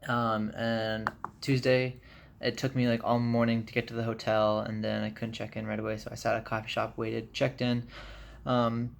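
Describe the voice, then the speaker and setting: Gravelly-voiced man rambling casually. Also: mid-range voice, moderate pace, a little hiss or hum. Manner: rambling, filler-heavy, relaxed chat. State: jet-lagged, tired. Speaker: vlogger. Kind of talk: casual vlog update. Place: hotel room.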